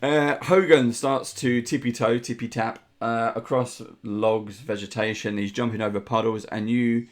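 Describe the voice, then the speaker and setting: A man narrating a tabletop game as game master, descriptive and unhurried with frequent ums. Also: medium pitch, steady tone.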